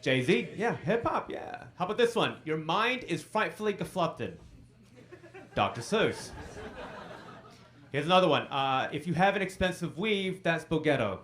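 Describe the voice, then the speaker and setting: A man's voice: a little high, measured pace. A man in his forties doing a stand-up comedy set on a club stage, telling stories and acting out quotes in sudden bursts. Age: 40s. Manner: animated storytelling, acts out quotes in bursts.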